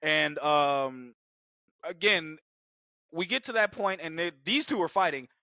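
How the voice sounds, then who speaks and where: Animated high-voiced man riffing. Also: a little slow, no room sound. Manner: animated, profane, acts out monster dialogue in silly voices. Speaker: podcast co-host. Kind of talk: casual movie review chat.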